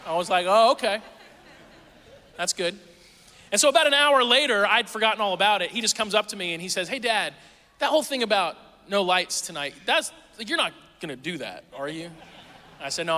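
A man in his thirties delivers a sermon with a high, bright voice, easing from casual family stories into earnest teaching. His words carry a long reverb from the church hall he speaks in. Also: a little fast. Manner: storytelling, conversational with animated quoting. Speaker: pastor. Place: church auditorium.

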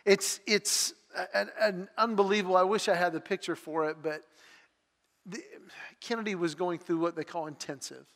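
A pastor preaching a sermon in an earnest, heartfelt manner that builds in intensity. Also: male voice, high voice, fairly even intonation, normal speed, a bit bright, long reverb tail. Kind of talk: sermon with personal storytelling.

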